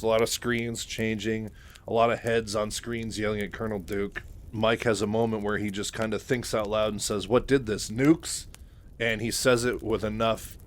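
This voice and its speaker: Man, low pitch, casual novel recap, rambling, fillers, chuckling. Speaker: book recap narrator.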